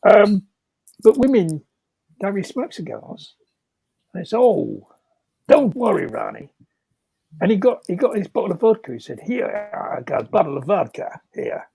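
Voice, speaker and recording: A man's voice: high voice, big pitch swings, moderate pace, creaky, long pauses, warm tone, breathy edge, dry recording. An older man, telling rambling stories as a guest and chuckling as he goes. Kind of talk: anecdotal storytelling.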